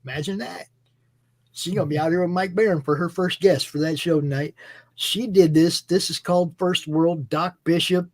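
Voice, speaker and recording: A man hosts a casual chat with plenty of enthusiasm. He rambles, restarts sentences and fills gaps with ums. His voice sits a little higher than most men's. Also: steady tone, normal speed, darkish tone, poor audio. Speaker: host. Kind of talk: casual chat about comic books.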